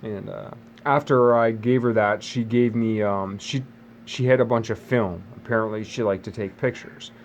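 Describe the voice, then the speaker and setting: A man's voice: on the low side, fairly even intonation, normal speed, a little hiss or hum. Rambling man in a casual monologue. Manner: meandering, self-correcting, jumps between tangents.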